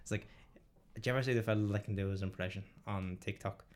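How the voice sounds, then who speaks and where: A man's voice: fairly low pitch, steady tone, fast talker. A young man co-hosting a casual podcast chat who laughs a lot, swears freely and mimics comedians' bits. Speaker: podcast co-host.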